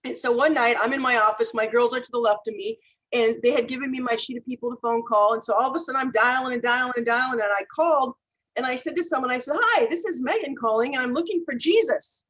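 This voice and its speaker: A woman's voice: a little high, fairly even intonation, quick pace, fairly bright tone, highs cut off. A woman speaker from Minnesota giving a motivational talk, telling personal stories earnestly and laughing at her own mistakes. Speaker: keynote speaker.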